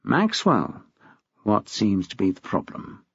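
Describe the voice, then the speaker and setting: A man voicing a smug, testy middle-aged head teacher with a husky, gravelly voice, in a dull, dry recording. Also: fairly low pitch, sing-song, slow, dry recording, pitched below the performer's own voice, full character voice. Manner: smug, acid.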